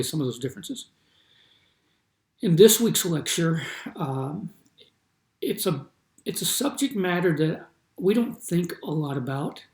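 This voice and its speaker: A man's voice: on the high side, a little mellow, reverberant. A man giving a recorded course lecture, explaining patiently and repeating his examples with shifting stress. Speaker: instructor.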